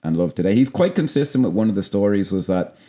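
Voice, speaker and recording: A man's voice: fairly low pitch, lively intonation, fast, dark tone. A man with a Dublin accent co-hosting a film podcast, telling rambling anecdotes and swearing casually. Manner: rambling storyteller, swears freely. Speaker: podcast co-host.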